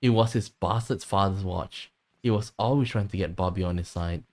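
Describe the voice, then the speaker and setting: A man's voice: low-pitched, moderate pace, darkish tone. A man reading a bitter grieving mother. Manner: resentful, lashing out in grief. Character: grieving, bitter, possessive middle-aged mother. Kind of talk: reading game dialogue aloud.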